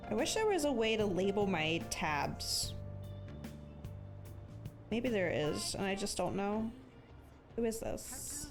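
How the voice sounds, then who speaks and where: A young adult woman streams a game with casual, self-deprecating chatter and the occasional swear word. Her mid-range voice is sing-song and slow, with frequent pauses, and game music plays behind her.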